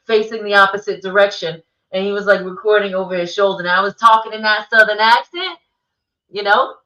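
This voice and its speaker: Chatty actress co-host, bright tone, sits away from the mic in a roomy space. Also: female voice, medium pitch, brisk. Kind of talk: casual chat. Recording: dull, roomy, far from mic.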